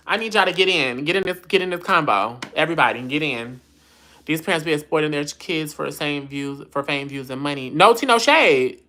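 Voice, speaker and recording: A woman's voice: low voice, brisk, bright, forceful tone. A woman hosting a casual livestream, blunt, sassy and profane, reading viewer comments aloud and answering them. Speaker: livestream host.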